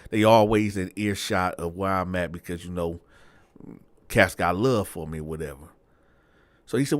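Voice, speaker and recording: A man with a low voice recounts a prison story in easygoing street slang, tossing in "right?" as he goes. He jumps into sharply higher, animated voices when quoting people. The sound is dry and close. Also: measured pace, long pauses, no echo. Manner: animated, acts out dialogue with big pitch jumps; slangy street talk, frequent "right?" asides.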